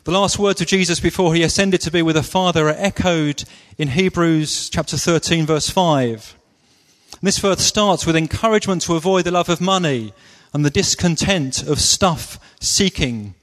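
A man preaching a sermon with slow, deliberate, emphatic phrasing. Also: a little high, fairly bright tone. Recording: long reverb of a large hall.

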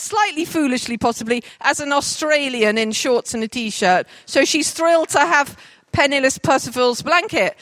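A woman telling a story to a group, directing volunteers as they act it out, with lively, jokey asides. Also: high-pitched, no echo. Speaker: children's storyteller.

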